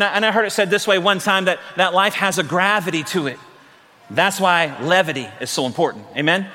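A middle-aged man preaching a lively, joking sermon as pastor, rising to shouts. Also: high voice. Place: church sanctuary. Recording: long reverb of a large hall.

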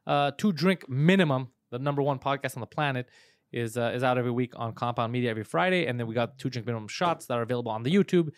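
A man hosting a comedy podcast, telling stories in fast, profane casual chat with lots of fillers. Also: mid-range voice, no room sound, studio quality.

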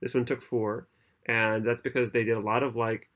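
A man's voice: mid-range voice, flat delivery, normal speed, a bit bright. A man co-hosting a podcast in casual chat, explaining at length and laughing often. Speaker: podcast co-host.

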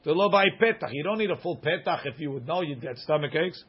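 A man teaching a Talmud class, reading passages aloud and quickly explaining them in English with everyday examples. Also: a little high, animated, breathy edge, dull audio.

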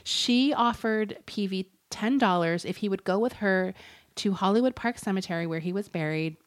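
A woman's voice: mid-range voice, normal speed. A woman co-hosting a podcast, retelling a true-crime story in casual, rambling chat and laughing often. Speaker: podcast co-host.

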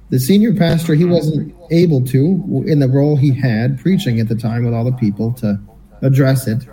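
A man's voice: medium pitch, rough recording. A man co-hosting a podcast, telling a long personal story in casual chat and acting out what people said. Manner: animated anecdotal storyteller, acts out quotes. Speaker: podcast co-host.

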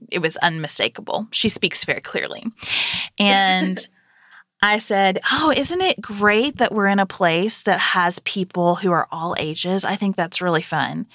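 A woman in her thirties, a podcast co-host, telling a family story in casual chat and lively quoting her child. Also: fairly low pitch, no echo, studio quality.

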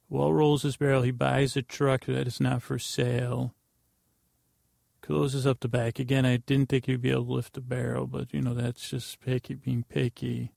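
Gravelly, flat-voiced man rambling through a recap. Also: mid-range voice, normal speed, no echo, studio quality. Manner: rambling, self-correcting, offhand. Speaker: podcast host. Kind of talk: meandering recap of a TV episode.

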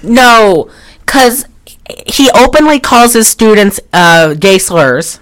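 A woman's voice: medium pitch, expressive, slow pace, a bit bright. A woman co-hosting a podcast, reviewing a movie in casual, rambling chat and swearing offhand. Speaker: podcast co-host.

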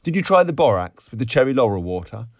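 A man's voice: mid-range voice, big pitch swings, fast, dry recording, pitched above the performer's own voice. A man reading aloud voices a genteel young barmaid, wistful and prim, who drawls her words.

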